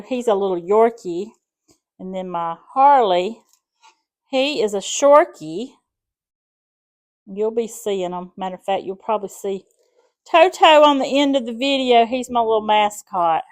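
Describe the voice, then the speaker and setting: A woman's voice: medium pitch, unhurried, pauses often, a little mellow. A middle-aged woman with a South Alabama accent, chatting through a home cooking demonstration in a folksy, rambling way. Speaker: home cooking channel host.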